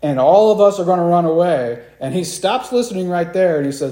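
A man's voice: high-pitched, lively intonation, a little fast, warm tone. Preaching man in an echoey room. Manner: acts out the quoted disciples with raised voices. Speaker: pastor. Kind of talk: sermon.

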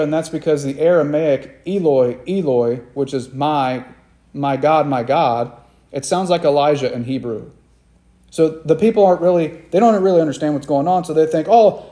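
A man delivering an earnest sermon, pitched a little high but with a mellow, warm tone. He leans on repetition for emphasis and puts direct questions to his listeners. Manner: earnest, repeats phrases for emphasis. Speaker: preacher.

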